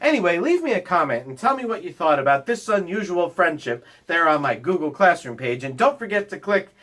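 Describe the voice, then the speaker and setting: A man, a school librarian, reading a picture book aloud to children from home in an animated, playful way. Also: high voice, brisk.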